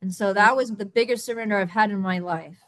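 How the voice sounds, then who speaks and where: A woman in her thirties speaking on a video call, telling her own story in a halting way with many restarts and repeated words. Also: medium pitch, no echo. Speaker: summit guest speaker. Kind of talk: candid personal storytelling.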